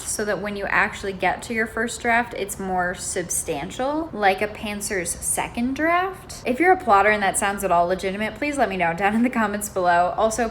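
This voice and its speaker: A woman vlogging about her writing, thinking out loud in a rambling, musing way with lots of fillers. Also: medium pitch, a little hiss or hum. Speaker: writer and vlogger. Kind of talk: chatty writing vlog, thinking aloud.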